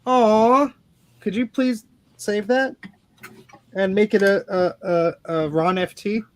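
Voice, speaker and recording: A man chatting on a live repair stream, excitable and self-mocking, laughing often. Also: high-pitched, takes it slowly. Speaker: guest repairing vintage computers. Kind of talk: casual livestream chat while repairing.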